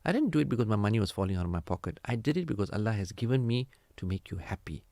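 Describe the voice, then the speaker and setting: A man hosting a radio marriage counselling talk, animated and preachy, acting out quoted family dialogue. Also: on the low side, racing, dry recording. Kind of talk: casual radio advice talk.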